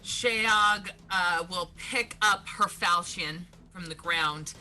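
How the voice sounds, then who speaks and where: A woman's voice: on the low side, takes it slowly, sharp tone, soft background music. A woman playing in a tabletop game, describing her character's actions. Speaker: player. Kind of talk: casual tabletop game talk.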